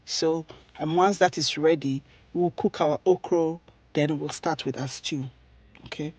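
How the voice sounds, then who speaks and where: A woman's voice: low-pitched, fairly even intonation, a little slow, a little mellow, no room sound. A woman from Ghana with a Ghanaian accent, chatting her way through a cooking tutorial and often tagging sentences with "okay?" and "right?". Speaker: cooking vlogger.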